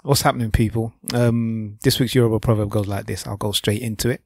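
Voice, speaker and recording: A man's voice: on the low side, fairly even intonation, brisk, gravelly, a little mellow, husky, no room sound, studio quality. A man co-hosting a podcast in casual chat, laid-back and drawling. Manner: laid-back, drawling, says yes repeatedly. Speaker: podcast co-host.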